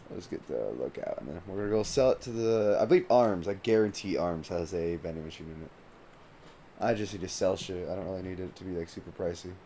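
Live-streaming a video game, this man chats casually and swears freely as he plays. His low, warm voice moves fast, and there's slight background noise behind the gameplay commentary.

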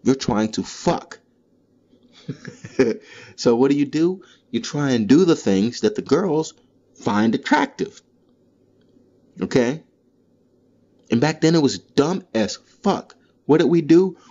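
A man hosting a solo comedy podcast, delivering a profane, animated monologue. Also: on the high side, muffled recording. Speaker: podcast host. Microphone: solo podcast mic.

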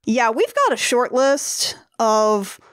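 A woman's voice: a little high, very animated, slow pace, no echo, clean studio sound. A woman hosting a podcast, chatty and jokey, swearing casually as she talks. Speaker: podcast host.

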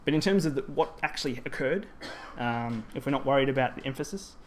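A man delivering a Japanese grammar talk in a presentation hall uses a medium-pitched voice with lively intonation and a fairly quick pace. His step-by-step explanation includes many ums and restarts, over a slight hiss or hum.

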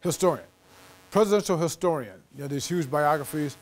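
A man's voice: on the high side, fairly quick. A middle-aged man giving a storytelling lecture to students as a guest author, acting out quoted dialogue. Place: lecture hall.

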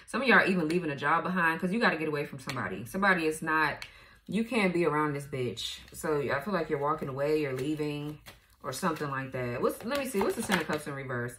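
A woman's voice: deep voice, fairly bright tone. A woman giving a casual tarot reading, blunt and profane, laughing often as she goes. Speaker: tarot reader.

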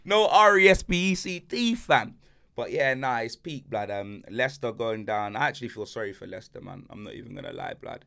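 Young guy hosting football banter, bright voice, teasing, loud bursts. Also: medium pitch, fairly quick, vocal fry, clear, resonant tone. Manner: animated, teasing, shouts and laughs, London slang. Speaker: host.

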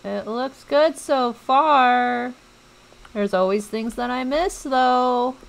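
A woman's voice: on the high side, slow pace, creaky, poor audio. A young woman streaming a game, chatting to her viewers and reacting jumpily as she plays. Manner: chatty, jumpy, talks to viewers while playing. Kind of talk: let's play commentary.

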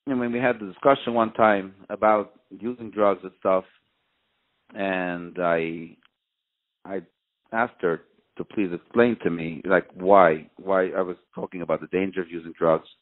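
A middle-aged man, grieving, telling a personal story in an interview, halting and searching for words, his voice close to breaking. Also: deep voice, steady tone. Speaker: bereaved father, interview guest. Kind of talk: emotional personal testimony. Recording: narrow phone-like line.

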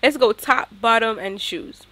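A woman's voice: fairly high pitch, unhurried, no room sound. Chatty woman narrating her game. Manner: chatty, excitable, talks straight to viewers. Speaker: gaming YouTuber. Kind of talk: casual gameplay commentary.

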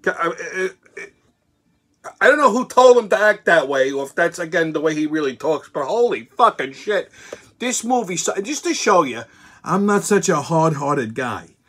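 A man's voice: fairly high pitch, lively intonation, normal speed, a bit bright, husky. A man hosting his show, ranting bluntly and crudely about a movie with constant swearing. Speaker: show host. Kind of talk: profane movie rant.

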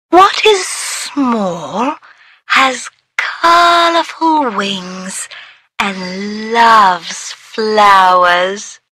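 A woman voicing a friendly playful preschool cartoon character who talks slowly and sets riddles for a child. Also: medium pitch, breathy edge, no room sound, studio quality, exaggerated voice. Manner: slow, animated, posing riddles to a child.

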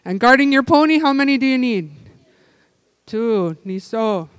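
A man leading a language-camp group game indoors, calling out playful, energetic instructions. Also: very high-pitched, a little slow, clear, resonant tone, no echo. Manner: energetic, playful, giving loud calls and instructions. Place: indoor room with tables.

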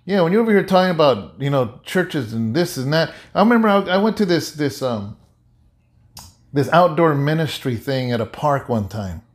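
A male pastor giving an animated, conversational sermon-like talk, often repeating himself. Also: fairly high pitch, moderate pace. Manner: animated, repetitive, conversational preaching. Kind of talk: casual sermon-like chat.

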